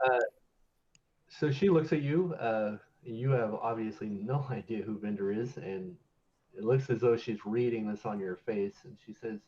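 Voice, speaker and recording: A man narrating a tabletop game as game master, casual and quick to laugh at his own slips. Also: lowish voice, mellow. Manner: casual, laughing, self-correcting. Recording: dull lo-fi stream audio with faint music.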